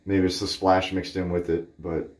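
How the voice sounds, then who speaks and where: A man's voice: low-pitched, level tone, normal speed. A man from Cape Cod giving a blunt, rambling, candid shaving product review in his bathroom. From Cape Cod, Massachusetts. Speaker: shaving vlogger. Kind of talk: casual product review chat. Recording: roomy echo.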